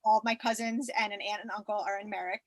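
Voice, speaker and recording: A woman guest from Florida telling wry, animated stories while recording from a closet at home. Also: medium pitch, fast talker. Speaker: podcast guest. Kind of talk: casual chat.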